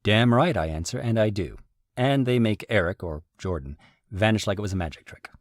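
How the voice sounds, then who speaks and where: A man telling a story in a casual commentary, wry and animated, with sudden jumps in pitch. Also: a little fast, no room sound, studio quality. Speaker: video essayist recounting events.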